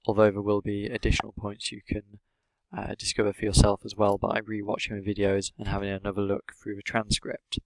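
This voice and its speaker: A male English teacher talking through a lesson in a measured, steady, explanatory way. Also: on the low side, dry recording, rough recording.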